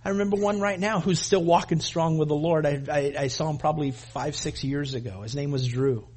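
Man, pastor, sermon, high voice, husky tone, emphatic, fiery delivery. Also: brisk, darkish tone. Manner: emphatic, preaching with mounting intensity; calls the congregation "gang", acts out voices.

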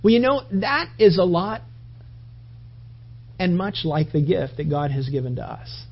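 A man's voice: high-pitched, sing-song, a little slow, slightly rough, highs cut off. A man preaching a sermon in a conversational, rambling way, often restarting his sentences.

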